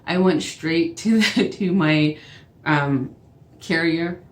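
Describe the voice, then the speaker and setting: Young Navajo woman, storytime vlogger, low voice, animated retelling in a roomy space. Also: takes it slowly. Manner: animated retelling, acts out both sides of calls. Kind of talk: storytime vlog. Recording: echoey room with faint background noise.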